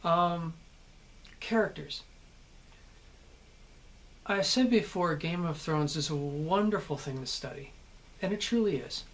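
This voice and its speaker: A man's voice: a little high, slow pace, long pauses. A middle-aged American man, an actor, explaining character and accent work in a casual, conversational way, often checking in with "okay?". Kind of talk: casual acting lesson to camera.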